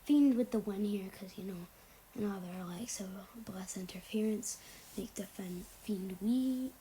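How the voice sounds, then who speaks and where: A woman's voice: medium pitch, normal speed, mellow, a little hiss or hum, poor audio. A young woman casually rambling through wrestling predictions, often sliding into a whisper, blunt and offhand. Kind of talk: casual chat.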